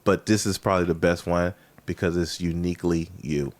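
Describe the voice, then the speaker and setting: A man's voice: low-pitched, fairly even intonation, brisk. A man, a comedian, chatting casually and frankly critiquing a friend's joke ideas, laughing often. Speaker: comedian giving feedback. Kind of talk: casual chat.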